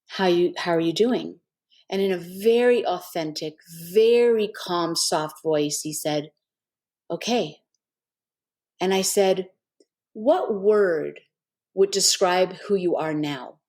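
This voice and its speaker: A woman's voice: on the low side, darkish tone. A woman guest on a podcast, telling an earnest, heartfelt story with many "kind of" and "like" asides. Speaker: guest, animal intuitive.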